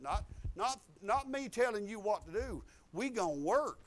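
Fifties male pastor, high-pitched, folksy storyteller who builds to loud emphatic preaching. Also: sing-song, normal speed. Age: 50s. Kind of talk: sermon.

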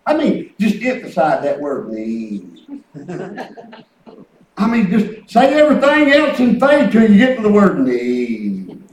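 A man's voice: high voice, wildly swooping pitch, slow, a little mellow. A man preaching a folksy sermon, telling rambling stories and breaking into calls of praise. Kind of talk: sermon with testimony. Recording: echoey room, distant mic.

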